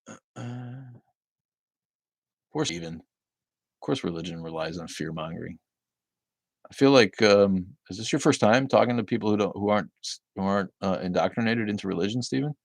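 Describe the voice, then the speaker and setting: A man's voice: on the low side, creaky, no echo. A middle-aged man hosting a livestream, chatting casually with viewers and rambling profanely between their comments. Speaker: livestream host reading viewer chat.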